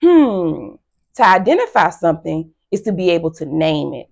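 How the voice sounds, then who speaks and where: A woman teacher giving a phonics lesson to young children, slow and encouraging with frequent praise. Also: lowish voice, big pitch swings, creaky.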